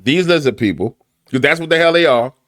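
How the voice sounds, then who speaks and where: A man with a New Orleans accent giving animated, preachy conspiracy commentary full of slang and repetition. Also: fairly high pitch, brisk.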